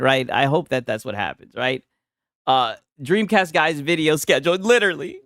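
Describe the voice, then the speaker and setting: A man's voice: mid-range voice, sing-song, brisk, fairly bright tone, no room sound, clean studio sound. A man hosting a casual gaming news stream, talking loosely and profanely and laughing often as he reacts to posts. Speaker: livestream host.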